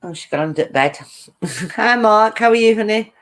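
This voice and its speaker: A woman's voice: mid-range voice, expressive, normal speed. A woman hosting a casual live-stream chat, giggling often and greeting viewers as she reads their comments.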